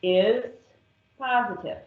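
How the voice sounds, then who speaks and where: A woman math teacher working through a calculus problem step by step, patient and methodical. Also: a little high. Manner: slow, patient, step-by-step explaining. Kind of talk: recorded calculus lesson. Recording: echoey, dull lo-fi classroom recording.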